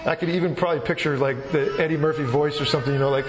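Conversational preacher in an echoing hall. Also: male voice, a little high, steady tone, racing, background noise. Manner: conversational, rambling with restarts. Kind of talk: sermon. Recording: echoey hall, dull sound.

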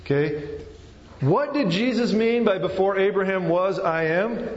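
A man's voice: high-pitched, a little slow, pauses often. Preaching man in an echoey hall. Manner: explains step by step, checks in with the listeners. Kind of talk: sermon. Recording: echoey hall, slightly dull sound.

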